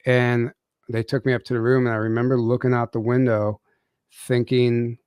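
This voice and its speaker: A man's voice: medium pitch, level tone, moderate pace, darkish tone, clean tone, no echo, studio quality. A man telling a personal story as a podcast guest, casually, with many fillers and restarts.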